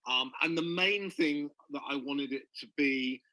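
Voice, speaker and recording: A man with a bright, forward voice, recorded close and dry. He chats casually with his longtime co-writer, laughing often and acting out other people's voices in his anecdotes. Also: a little high, a little slow, dry recording, poor audio. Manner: chatty, laughs easily, mimics other voices. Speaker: co-writer of graphic novels and guides. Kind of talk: casual chat between friends. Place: recorded video conversation.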